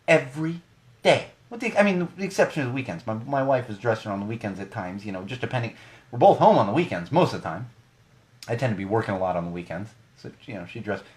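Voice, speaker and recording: Animated ranting man, lively pitch. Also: brisk. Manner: animated, ranting, many restarts. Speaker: podcast co-host. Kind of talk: casual podcast monologue.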